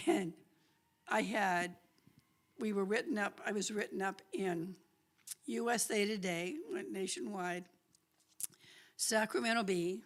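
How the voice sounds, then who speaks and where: A woman telling a lively story at a church talk, chatty and laughing often. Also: medium pitch. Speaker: guest speaker.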